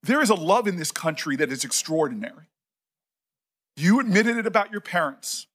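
A middle-aged man, a senator, giving an emotional, halting speech at a hearing and often repeating his words. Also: high-pitched, lively intonation, fairly bright tone, breathy edge.

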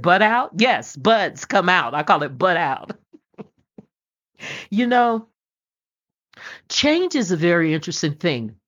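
A woman's voice: fairly low pitch, slightly rough. A middle-aged woman hosting a podcast, telling homespun stories and jokes in a casual, folksy way and laughing often. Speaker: podcast host. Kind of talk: casual storytelling monologue. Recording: dull lo-fi recording.

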